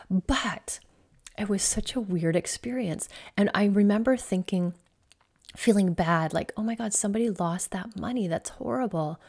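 A woman's voice: lowish voice, a little mellow. Chatty woman telling a travel story. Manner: chatty, rambling, peppered with "like". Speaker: coach and podcast host. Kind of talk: casual personal storytelling.

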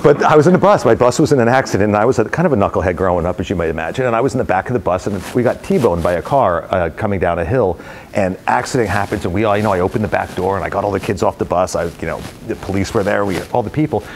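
Middle-aged man, very low voice, quick talker, rambling and energetic, live talk to brokers. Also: a little hiss or hum. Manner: energetic, rambling storyteller with many fillers. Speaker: real estate executive speaking to brokers. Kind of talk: casual talk to a live audience. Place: company headquarters event space.

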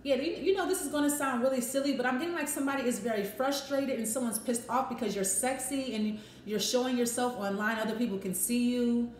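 A woman's voice: on the high side, quick pace, few pauses. A woman doing a casual tarot reading, thinking aloud and acting out short quoted voices. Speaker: tarot reader. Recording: echoey room with faint noise.

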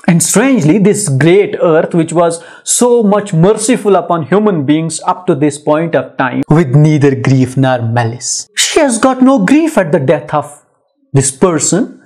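A man's voice: fairly high pitch, lively intonation, measured pace, darkish tone. Emphatic man lecturing on poetry. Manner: emphatic, repeats phrases, rhetorical questions. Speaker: literature lecturer. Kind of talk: poetry lecture mixing English and Hindi.

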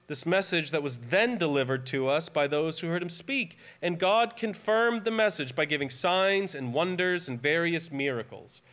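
A man in his forties preaching a sermon as pastor, earnest and emphatic, dropping to a soft, tearful tone during personal stories. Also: high-pitched. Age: 40s. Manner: earnest, emphatic, grows quiet and tearful when telling a personal story. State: near tears at times.

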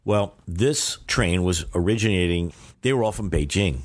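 A man's voice: low-pitched, moderate pace. An older man, a guest on an interview podcast, telling long rambling stories with frequent restarts. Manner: rambling anecdotal storyteller with many restarts. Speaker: guest, Chinese teacher. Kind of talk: casual interview storytelling.

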